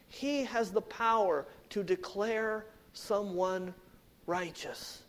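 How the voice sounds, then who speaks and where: High-pitched guy preaching slow, goes quiet then builds up loud. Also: lively intonation. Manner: swings from hushed low phrases to loud emphatic rises. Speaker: pastor. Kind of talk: sermon.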